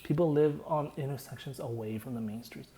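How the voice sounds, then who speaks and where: A man's voice: mid-range voice, a little fast, warm tone, poor audio. A young man casually explaining his own song in a loose, rambling way, full of "like" fillers.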